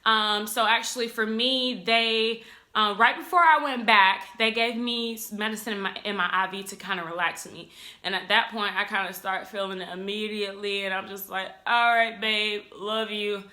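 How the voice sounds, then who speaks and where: A young woman talks to her camera at home like she's catching up with friends, chatty and animated. Her voice has a bright, forward edge, and she slips into little acted-out quotes as she goes. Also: medium pitch, normal speed. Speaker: vlogger. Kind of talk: casual storytelling to camera.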